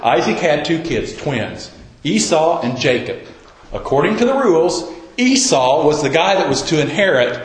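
A man's voice: fairly high pitch, sing-song, normal speed. A man preaching a sermon, telling the story in a folksy, conversational way. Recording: roomy echo.

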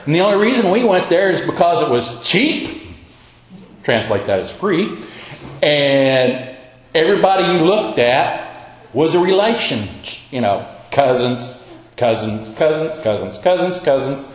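A middle-aged male preacher giving a sermon with folksy, humorous storytelling in a church hall. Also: mid-range voice. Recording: echoey hall.

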